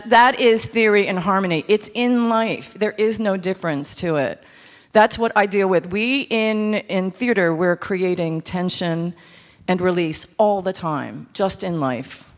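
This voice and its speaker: A woman in her fifties, a composer teaching a master class to a live audience, animated, candid and self-mocking. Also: medium pitch. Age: 50s. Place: large hall with audience. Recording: echoey hall with instrument.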